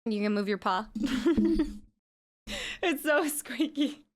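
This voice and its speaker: A woman's voice: on the high side, expressive, slow, background noise. A woman game streamer chatting casually on a live stream, greeting viewers by name as she goes.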